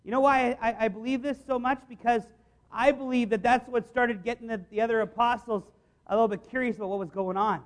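A male preacher with a notably high voice, giving a sermon. He speaks earnestly and conversationally, often stopping mid-sentence to rephrase before pressing on. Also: fairly even intonation, fast. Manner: earnest, conversational, many restarts.

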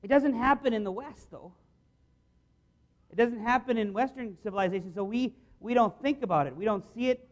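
A man's voice: very high voice, a little fast. A man preaching a sermon in an earnest, conversational way, often restarting his sentences.

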